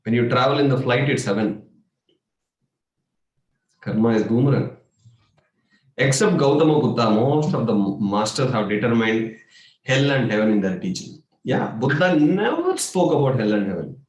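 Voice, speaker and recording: A man with an Indian accent giving a spiritual workshop talk as a meditation coach, animated and playful, with sudden exclamations and mimicry. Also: mid-range voice, moderate pace, pauses often, highs cut off. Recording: echoey room.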